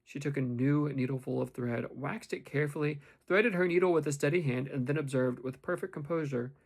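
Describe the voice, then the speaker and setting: Male audiobook narrator, gravelly, husky, lively intonation, classic novel reading. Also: mid-range voice, moderate pace. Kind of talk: first-person novel reading.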